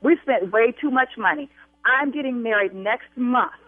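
A woman's voice: on the high side, moderate pace, no echo, soft background music. A woman on a phone call, demanding and insistent, raising her voice as she argues. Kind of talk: heated phone argument. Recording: tinny phone line, dry.

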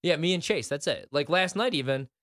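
A man with an animated, lively pitch lays out his betting picks in a loose, rambling way during a casual sports chat. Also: a little fast.

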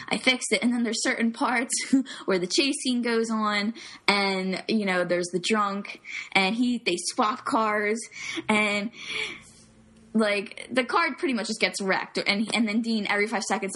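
A woman's voice: medium pitch, unhurried, a bit bright. A woman co-hosting a casual movie chat, telling a story loosely with many fillers. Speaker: podcast co-host.

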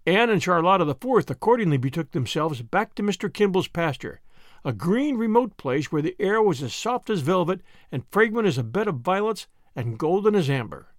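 Male audiobook narrator, high voice, very lively intonation, dry close sound. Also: normal speed, no echo. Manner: expressive storytelling. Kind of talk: scripted narration.

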